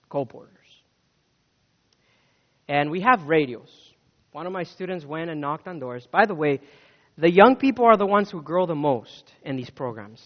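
A man preaching a sermon with dynamic swings between loud urging and hushed words, telling stories with acted quotes. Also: on the high side. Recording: dull sound with long hall reverb.

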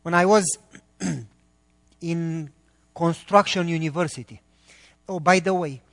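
A man from Romania with a Romanian accent, preaching a sermon earnestly and speeding up when excited. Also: on the high side, gravelly. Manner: earnest, talks quickly when excited, pauses between phrases. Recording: long reverb of a large hall.

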